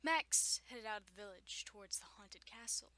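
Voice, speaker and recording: A woman's voice: medium pitch, animated, normal speed, sharp tone. A young woman at home reading a children's story aloud, often stopping to joke, laugh and make sarcastic asides. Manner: frequent laughter and stumbles. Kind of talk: reading aloud with running commentary.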